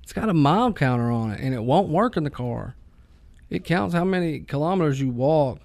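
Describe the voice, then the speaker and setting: A man's voice: on the high side, lively intonation, fairly quick, vocal fry, a little mellow. A man in casual chat, joking crudely and swearing freely about parenting and games.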